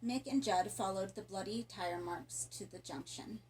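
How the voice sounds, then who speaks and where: Woman calmly narrating a horror story. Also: mid-range voice, moderate pace, slight background noise, rough recording. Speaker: audiobook narrator.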